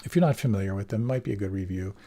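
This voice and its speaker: A man giving a relaxed, reflective meditation talk, often letting his phrases trail off softly. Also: on the low side, rapid-fire. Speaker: meditation teacher. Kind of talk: dharma talk.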